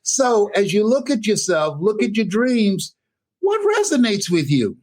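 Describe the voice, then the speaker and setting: Older male motivational speaker, preacher-style, emphatic, pitch swinging widely. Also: sing-song, measured pace. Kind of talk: energetic motivational talk. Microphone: camera in a room.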